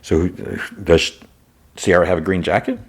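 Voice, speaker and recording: A man's voice: low voice, lively intonation, normal speed, husky. A man hosting a podcast, recapping a TV episode in a chatty way, full of "like" and "you know.". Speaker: podcast host.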